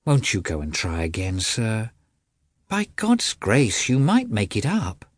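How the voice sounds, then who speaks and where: A man voicing a stern, devout elderly woman, a children's nurse who earnestly pleads with her master, in a husky voice. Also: fairly low pitch, wildly swooping pitch, a little slow, no room sound, exaggerated voice. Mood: pleading. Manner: earnest, imploring.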